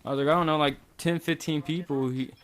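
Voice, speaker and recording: A man's voice: fairly high pitch, steady tone, fast talker. Young guy from kentucky rambling thru a story, swears a ton, casual. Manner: loose, rambling, swears a lot. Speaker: vlogger.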